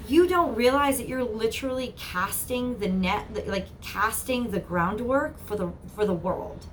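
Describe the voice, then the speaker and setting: Lady doing a tarot reading, kinda high voice, earnest and encouraging, faint hiss behind. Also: expressive, unhurried. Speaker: tarot reader.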